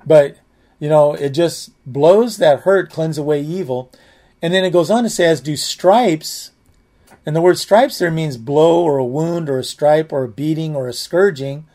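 A man's voice: fairly high pitch, a little slow, dark tone. A man preaching a sermon, telling a personal story in a rambling, conversational way with many restarts, often saying "man" and "amen".

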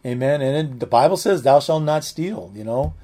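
A man's voice: medium pitch, animated, normal speed, dark tone. A man preaching a sermon, telling a personal story in a rambling, conversational way with many restarts, often saying "man" and "amen".

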